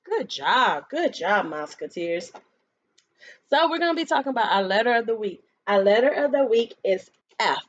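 Preschool teacher lady doing call and response, slightly high voice, muffled lo-fi webcam sound. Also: sing-song. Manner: sing-song call-and-response prompting; slow, drawn-out counting. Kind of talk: remote lesson for young children. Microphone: laptop webcam. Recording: dull lo-fi webcam audio.

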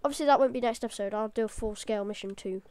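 A woman hosting a gaming channel, giving excitable, hyper, rambling live gameplay commentary full of restarts. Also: fairly high pitch, very fast, smooth, dry recording.

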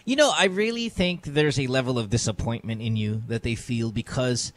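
A man's voice: mid-range voice, normal speed. A man hosting an advice chat, playful and lecturing, slipping into Tagalog now and then. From Philippines. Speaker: advice show host.

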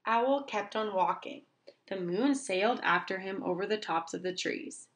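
Woman reader, children's read-aloud, clear and expressive, gentle pacing. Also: mid-range voice. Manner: slow, clear and expressive for young listeners.

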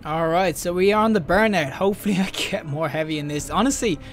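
Excitable high-voiced young man gaming. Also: fairly quick, faint music behind. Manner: excitable, yelps and laughs at deaths. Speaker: gaming YouTuber. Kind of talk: live gameplay commentary.

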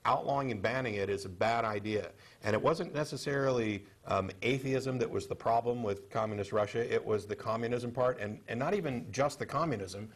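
A man co-hosting a studio panel discussion on a cable TV show, speaking in a measured, halting way with many fillers and restarts. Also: mid-range voice. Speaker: TV show co-host.

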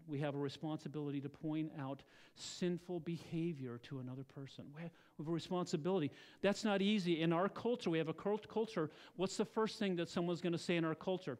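A male pastor with a fairly high-pitched voice delivers a church sermon. He speaks earnestly and keeps turning to his listeners with rhetorical questions. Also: animated, fast, few pauses, a little mellow.

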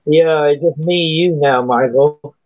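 A man's voice: a little high, unhurried, phone-quality sound. A man in a casual chat, giving brief replies.

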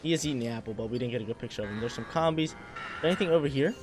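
A young man giving casual, excitable gameplay commentary full of slang, talking to the creatures on screen. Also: medium pitch, rapid-fire, over music. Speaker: gaming channel host.

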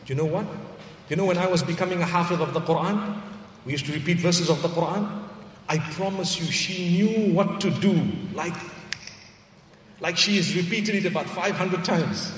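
A high-pitched man delivers a sermon from some distance away in a large, echoey hall, with faint ambience behind him. He tells his story in a lively storytelling way, sinking his voice low for asides. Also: a little fast, slight background noise. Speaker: preacher. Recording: echoey hall recorded from far off.

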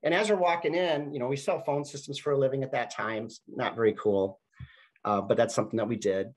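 Husky-voiced man telling a story. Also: medium pitch, steady tone, a little fast, poor audio. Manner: conversational, anecdotal, with frequent restarts. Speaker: speaker at a university talk. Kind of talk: storytelling talk.

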